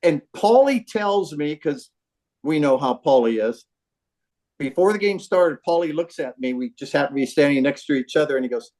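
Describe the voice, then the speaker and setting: A man's voice: fairly high pitch, normal speed. An older man, a former baseball trainer, telling a story in casual talk over a phone call, acting out what people said and swearing freely. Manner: animated, swearing, acts out quotes.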